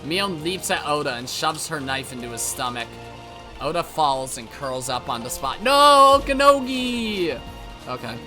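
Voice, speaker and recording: A man's voice: medium pitch, normal speed. A man reading a visual novel aloud, with brief side remarks of his own. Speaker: let's-play narrator. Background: game music.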